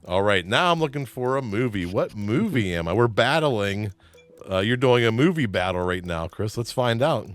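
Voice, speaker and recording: A man runs a trivia game show, reading out clues and teasing the contestants with easy laughter. His voice moves a lot, rising and dipping as he talks. Faint music plays in the background. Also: mid-range voice. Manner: playful, laughs often, jokes with players.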